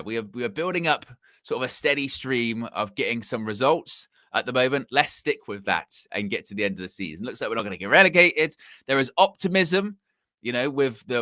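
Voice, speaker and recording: Host, man, bright forceful tone, dry close sound, rambling livestream chat. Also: medium pitch, no room sound. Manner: rambling, animated, full of fillers and restarts. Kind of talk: casual live commentary.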